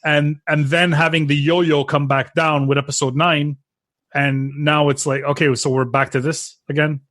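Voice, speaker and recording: A man guesting on a podcast who gives frank opinions in a quick, casual way. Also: a little high, little pitch movement, fairly bright tone, no echo, clean studio sound. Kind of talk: casual chat.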